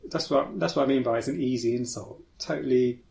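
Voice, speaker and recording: Man, podcast co-host, calm and explanatory, casual chat. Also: mid-range voice, fairly quick, creaky.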